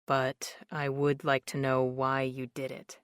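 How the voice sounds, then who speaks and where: A woman narrator voicing a guarded man who speaks low and steady. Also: slow, smooth, dry recording, studio quality. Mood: restrained, steady. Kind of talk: audiobook narration.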